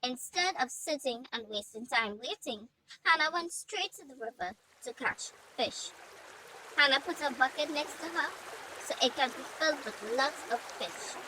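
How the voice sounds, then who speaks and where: A woman narrating a storybook aloud in an expressive read-aloud style. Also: high-pitched, moderate pace, a little hiss or hum, low-quality recording.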